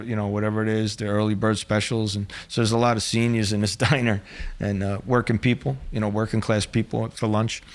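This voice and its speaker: A middle-aged man, a former undercover agent, telling a story in a casual, blunt, streetwise way on a podcast. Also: mid-range voice.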